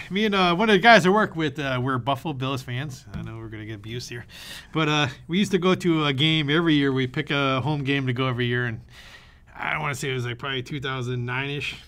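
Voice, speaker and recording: A man co-hosting a podcast, telling a story in casual chat with an animated manner, swearing freely and acting out the voices of the people he quotes. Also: medium pitch. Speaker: podcast co-host.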